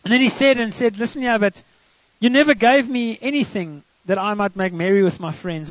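A man's voice: sits high, a little fast, dry recording. A man preaching a sermon, retelling a story and acting out the quoted lines in dramatic voices. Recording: dry, dull lo-fi sound.

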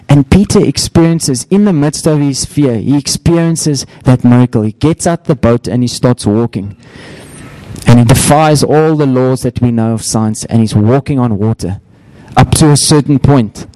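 A man's voice: moderate pace, dark tone, no room sound, low-quality recording. A middle-aged man preaching a sermon, telling stories and acting out quotes in a raised voice. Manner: storytelling, acts out quotes with raised pitch. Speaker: pastor.

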